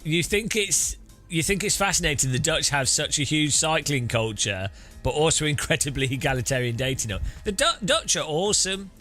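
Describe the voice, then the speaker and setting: A man's voice: on the high side, animated, normal speed, bright, forceful tone, faint music behind. A man rambling casually while streaming a racing game, often restarting his sentences and chuckling. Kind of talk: casual gameplay commentary.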